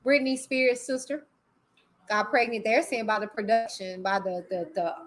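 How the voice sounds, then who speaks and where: A woman's voice: on the high side, steady tone, normal speed. A woman hosting a live stream, talking bluntly and animatedly in casual commentary. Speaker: livestream host.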